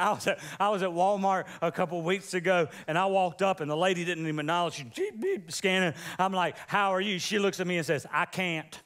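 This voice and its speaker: A middle-aged man with a drawl delivers a playful sermon from a church stage. His voice sits high and comes through clean and smooth. He banters with the congregation and keeps calling for amens. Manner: animated, joking, call-and-response with congregation. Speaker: pastor. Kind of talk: humorous sermon. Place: church sanctuary.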